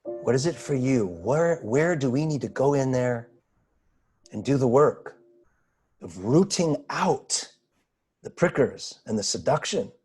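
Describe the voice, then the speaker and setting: Man guiding a slow meditation. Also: mid-range voice, expressive, breathy edge, soft background music. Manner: slow, pausing, gently questioning. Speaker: spiritual teacher. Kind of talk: guided meditation. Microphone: video call.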